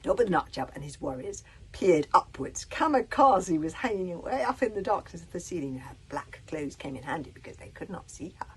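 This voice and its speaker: A woman reading a children's book aloud in a casual way, with asides and small stumbles, often sinking into a breathy near-whisper. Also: fairly low pitch, very animated, a little fast. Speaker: reader.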